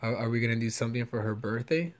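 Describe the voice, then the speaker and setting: A young man talks loosely and jokes a lot. His voice is pitched at an ordinary middle height for a man. He rambles through casual chat with plenty of swearing and filler words. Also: quick pace. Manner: rambling, profane, joking. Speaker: podcast co-host.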